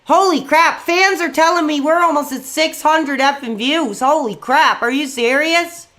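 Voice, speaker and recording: A man hosting a call-in livestream, talking in an excitable way, repeating himself and swapping in mild stand-in swears. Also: extremely high pitch, unhurried. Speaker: livestream host taking calls. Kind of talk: hyped call-in livestream chat.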